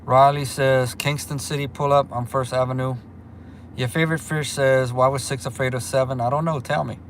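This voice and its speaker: A man's voice: mid-range voice, level tone, moderate pace, a little hiss or hum. A man hosting a casual livestream, chatty and upbeat as he reads viewer comments and greets people by name. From Louisiana. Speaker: livestream host.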